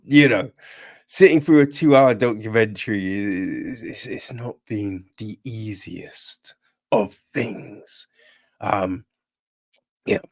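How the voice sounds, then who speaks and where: A man chatting loosely as a podcast film reviewer, blunt and ready to swear. He talks at an unhurried, drawn-out pace and keeps checking in with his listeners. He sounds a bit under the weather. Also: medium pitch. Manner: conversational, keeps asking "right?" and "you know what I mean?". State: feeling unwell. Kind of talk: casual chat.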